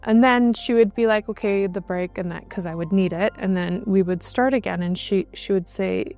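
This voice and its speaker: A woman guest recounting a personal experience in conversation, halting, with frequent restarts and fillers. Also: medium pitch, darkish tone, faint music behind. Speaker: interview guest.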